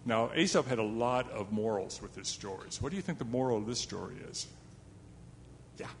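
A man's voice: on the low side, lively intonation, brisk, a little hiss or hum. Man telling a fable in a reverberant hall. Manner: chatty and self-deprecating, with asides to listeners. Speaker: storyteller. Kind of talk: telling a fable to a young audience.

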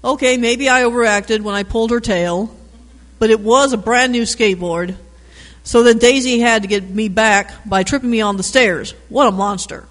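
A man reading a picture book aloud with animated storytelling and chatty asides about the pictures. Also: high voice, normal speed, big-room sound. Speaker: reader.

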